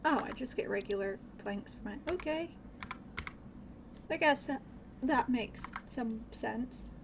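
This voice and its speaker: High-voiced, unhurried rambling woman streamer. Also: animated, background noise. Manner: rambling, swears freely, nervous laughter. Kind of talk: casual gameplay chat while modding.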